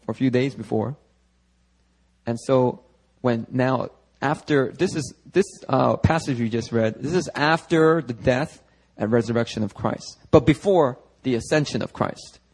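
A man preaching a sermon at a church service, lively and conversational, acting out the voices of biblical figures as he goes. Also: mid-range voice, creaky, slightly rough, poor audio. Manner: animated, acts out voices of biblical figures, talks to the congregation. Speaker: pastor.

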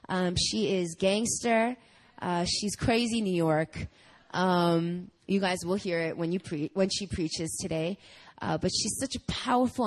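A woman pastor speaks in church, introducing a guest. Her voice sits in a middle register. She tells stories in a chatty, animated way. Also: mid-range voice, rough recording. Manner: chatty, animated storytelling with laughs.

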